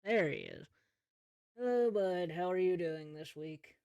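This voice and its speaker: A man running a tabletop game as game master, narrating in an easygoing, slow descriptive way. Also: high-pitched, a little mellow, clean tone, dry recording, muffled recording.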